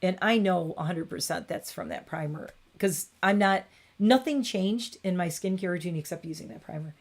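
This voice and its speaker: A woman's voice: on the low side, moderate pace. Chatty woman on a home livestream. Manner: chatty, rambling, coos at her cat. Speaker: beauty livestream host. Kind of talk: casual livestream chat. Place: home bathroom.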